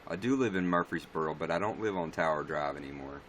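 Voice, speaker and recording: A man's voice: extremely low pitch, quick pace, a bit bright, slight background noise. A man chatting casually on a livestream, answering viewer comments in a blunt, rambling, profane way.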